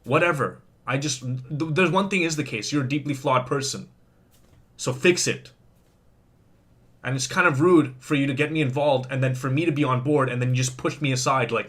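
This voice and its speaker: A man's voice: medium pitch, normal speed, a bit bright, husky. Agitated man venting to camera. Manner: agitated, rambling, self-justifying. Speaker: vlogger in a reacted-to clip.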